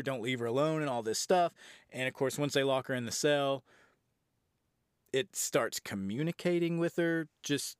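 A man's voice: medium pitch, smooth, dry recording, clean studio sound. Casual, rambling male film reviewer. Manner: rambling, profane, conversational. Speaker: podcast movie reviewer.

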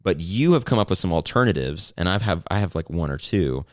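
A man's voice: deep voice, animated, fairly quick, dry recording, clean studio sound. A man hosting a casual sports podcast, talking in a playful, rambling way. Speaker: podcast host.

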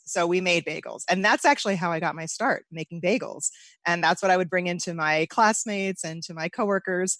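A woman's voice: lowish voice, a bit bright, no room sound. A woman who owns a bakery, chatting as a guest in an interview and laughing easily. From United States. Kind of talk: casual interview.

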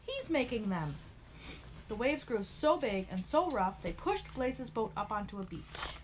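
Woman reading a kids story out loud, lively and expressive. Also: a little high, normal speed, a little hiss or hum. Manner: expressive, animated read-aloud. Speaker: storybook narrator. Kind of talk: reading a children's story aloud.

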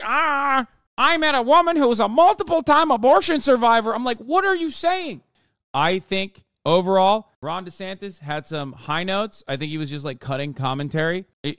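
A man's voice: fairly high pitch, a bit bright, clear, resonant tone, no echo, studio quality. A man hosting a livestream, giving profane, ranting political commentary with mocking asides. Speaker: livestream host.

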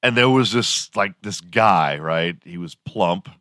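A man hosting a morning talk show, sarcastic and crude as he rambles through his comic monologue. His voice is bright and fairly low, and his delivery is unhurried. The sound is dry and close. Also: expressive, dry recording. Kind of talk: comedic podcast monologue.

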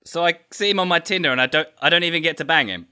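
A man's voice: fairly high pitch, rapid-fire, pushed and bright, smooth. Wry man hosting a podcast quiz. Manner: wry, joking. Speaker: podcast host running a quiz segment. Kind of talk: casual podcast banter.

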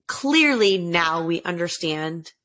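A woman hosting a casual chat, telling a true-crime story and acting out the quotes with lively shifts in pitch. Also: slow pace.

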